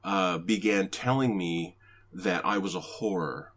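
A man's voice: sits low, slow, husky. A man in casual conversation, telling stories about phone survey work and acting out the people in them. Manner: storytelling, animated when acting out quotes. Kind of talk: casual chat.

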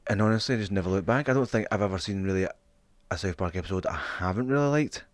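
A man's voice: low-pitched, very fast, no echo. A man co-hosting a podcast in casual chat, swearing freely and laughing often. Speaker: podcast co-host.

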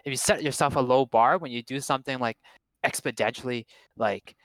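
A man's voice: medium pitch, fairly quick, fairly bright tone, no echo. A young man chatting casually about his past relationships, joking and rambling with many fillers and restarts. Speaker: guest.

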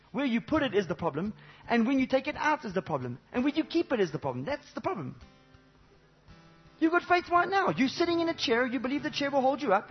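A man preaching a sermon to a congregation, animated, swinging between loud exclamations and low intimate asides, with many rhetorical questions. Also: slightly rough, lo-fi sound. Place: church service before a congregation.

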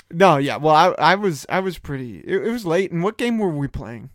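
A man co-hosting a podcast, telling stories in an animated way, laughing often and acting out what people said. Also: fairly high pitch, normal speed, dry recording, studio quality. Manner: animated storytelling, laughs often, acts out quotes. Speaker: podcast co-host. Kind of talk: casual chat.

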